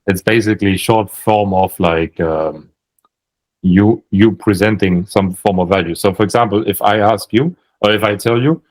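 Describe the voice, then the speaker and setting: A man with a German accent talks through sales-call advice in an easygoing chat. His voice sits fairly low, and he thinks aloud, often restarting his sentences. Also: moderate pace, low-quality recording. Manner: thinking aloud, many restarts and hedging fillers. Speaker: sales coach. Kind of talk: casual coaching chat.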